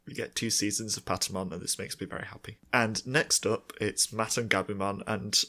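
A man's voice: fairly low pitch, steady tone, fairly quick, pushed and bright. A man co-hosting a casual recap podcast, wry and reflective, mixing jokes with character analysis. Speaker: podcast co-host.

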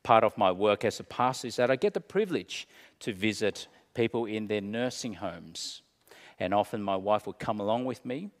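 A man preaching as a pastor, slow and dramatic, dropping to a hush and then rising. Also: lowish voice, expressive, in a large hall. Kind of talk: sermon.

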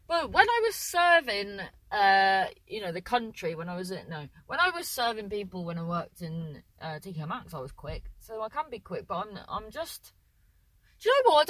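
A woman's voice: medium pitch, fairly bright tone, no room sound, rough recording. A young woman telling a long, rambling story in casual chat, correcting herself often and acting out what people said, with the odd swear word. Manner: rambling, self-correcting, with lots of "so then"; swears casually, acts out voices in quotes. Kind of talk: casual anecdote.

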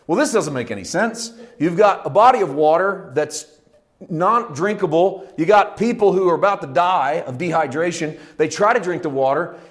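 A man teaching a Bible study in a lively, conversational way, often laughing and acting out the people in the story. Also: on the high side. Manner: lively, laughs often, acts out quoted lines.

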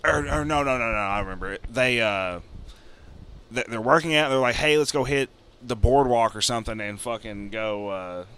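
A young man on a podcast rambles through a story, swearing freely and jumping up in pitch to act out the people in it. His voice is bright and forward. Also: normal speed, smooth. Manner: rambling, swearing, acts out characters with jumps in pitch. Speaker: podcast co-host. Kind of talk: casual chat, retelling a story.

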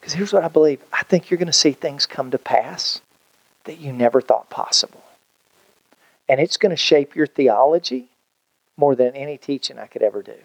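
A man pastor, preaching a sermon in an animated, conversational way with jokes and acted-out quotes. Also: mid-range voice, normal speed, vocal fry, no room sound.

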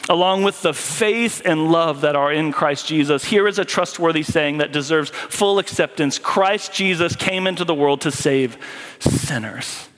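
A man preaching a sermon, often slowing down hard for emphasis and dropping his voice. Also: fairly high pitch, a bit bright. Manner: preaching with sudden slow, emphatic drops. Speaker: pastor. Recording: long hall reverb.

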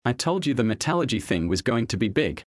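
A man voicing Richard, an excited, enthusiastic inventor. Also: medium pitch, quick pace, dry recording, clean studio sound, natural voice. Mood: eager.

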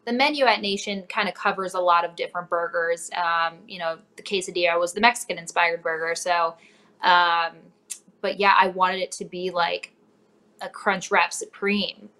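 Casting: easygoing woman chef guest, bright tone, rambling chat. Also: fairly low pitch, moderate pace. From Cincinnati, Ohio. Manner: relaxed, chatty, many fillers. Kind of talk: casual interview chat.

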